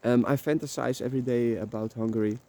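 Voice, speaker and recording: Rambling man, dark voice. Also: medium pitch, fairly even intonation, quick pace. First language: Dutch. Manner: rambling, repeats words, swears casually. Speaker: vlogger. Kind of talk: emotional personal vlog monologue. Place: rented room.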